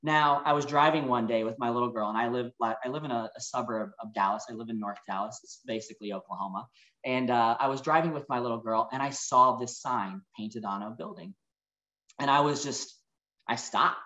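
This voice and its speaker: A man gives an earnest motivational talk. His voice sits at a middle pitch, and he slows down for reflective moments. The sound carries the echo of a roomy space. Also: pushed and bright, lo-fi sound. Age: 40s. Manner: earnest and emotional, storytelling with reflective pauses. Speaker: motivational speaker. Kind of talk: personal keynote talk.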